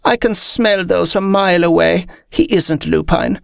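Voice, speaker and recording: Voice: mid-range voice, unhurried, creaky, dry recording, clean studio sound, voice pushed up. A reader voicing a haughty, predatory female vampire with a disdainful drawl.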